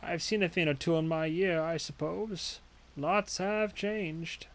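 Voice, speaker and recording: A man voicing a shy, gentle old man, speaking slowly, softly and hesitantly. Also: a little high, fairly even intonation. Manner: slow, soft and hesitant.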